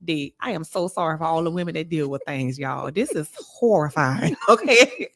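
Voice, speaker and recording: A woman, co-hosting a casual chat show and telling a blunt, animated story with frequent laughter. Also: sits low, moderate pace. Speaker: podcast co-host.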